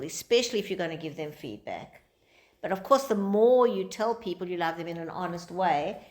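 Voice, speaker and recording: A woman's voice: on the low side, a little mellow. A woman teacher giving an informal lecture to a small group, talking conversationally and acting out quoted dialogue in different voices.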